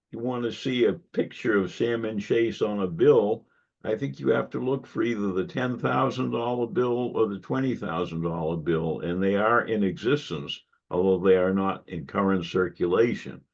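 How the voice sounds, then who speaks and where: A man giving a history lecture to a club audience, measured and given to wry asides. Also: lowish voice, gravelly, darkish tone. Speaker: guest lecturer. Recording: dull lo-fi recording.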